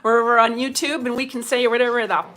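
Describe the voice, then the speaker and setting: A middle-aged woman, hosting a casual livestream as a medium, chatty and quick to laugh, greeting viewers by name. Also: fairly high pitch, little pitch movement, a bit bright.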